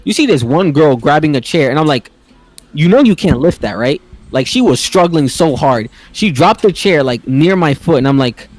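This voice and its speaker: Young male podcast co-host, Bronx native, slangy and lively storyteller whose voice swings wide. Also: a little high, normal speed, hardly any pauses, dry recording. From the Bronx, New York. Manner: animated, slangy, acts out quoted voices loudly. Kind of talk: casual storytelling chat.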